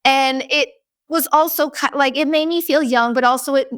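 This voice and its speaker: A woman's voice: high voice, steady tone, moderate pace, a bit bright, soft background music. A woman in her forties hosting a podcast, telling a comedic story in a blunt, profane, ranting way. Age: 40s. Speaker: podcast host. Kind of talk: casual comedic storytelling monologue.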